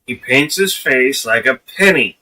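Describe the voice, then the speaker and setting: A man's voice: medium pitch, animated, a little slow, pushed and bright, low-quality recording. Blunt, scornful male streamer. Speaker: live streamer reacting to a clip. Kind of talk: casual reaction commentary.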